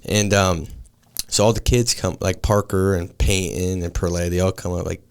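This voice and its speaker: A man's voice: low voice, level tone, moderate pace, vocal fry, smooth. A man in his thirties hosting a casual podcast chat, laid-back and calling his guest dude and man. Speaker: podcast host.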